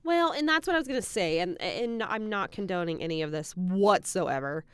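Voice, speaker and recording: A woman's voice: mid-range voice, animated, moderate pace, smooth, dry recording. A woman co-hosting a true crime podcast, reacting with sassy jokes and teasing remarks. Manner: sassy joking reactions with laughs. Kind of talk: casual true crime chat.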